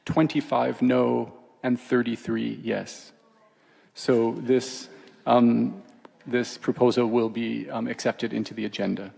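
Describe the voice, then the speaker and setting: Male moderator, gravelly voice, monotone, dark tone, hall echo. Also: medium pitch. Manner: brisk, procedural. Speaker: debate moderator. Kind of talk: moderating a vote. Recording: echoey hall.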